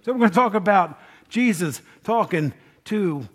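A man's voice: sits high, expressive, moderate pace, a bit bright. A male pastor giving a conversational sermon, joking and asking the congregation questions. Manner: chatty, jokes and asks the congregation questions.

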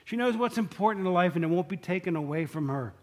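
High-voiced man preaching a casual sermon. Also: expressive, quick pace, darkish tone. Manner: conversational, asks the congregation questions, acts out quotes.

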